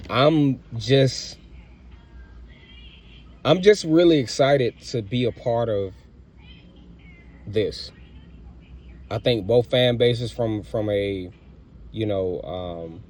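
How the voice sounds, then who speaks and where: A man's voice: mid-range voice, a little mellow. A man hosting a sports podcast, talking in a casual, emphatic way and repeating his points. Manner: emphatic, repetitive fan hype with rising outbursts. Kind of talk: casual sports commentary monologue.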